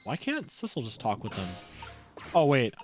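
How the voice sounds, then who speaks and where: A young man gives casual game commentary, reading the dialogue aloud between wry, chatty asides. His mid-range voice moves a lot in pitch. Soft game music plays underneath. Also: wildly swooping pitch, normal speed. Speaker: streamer.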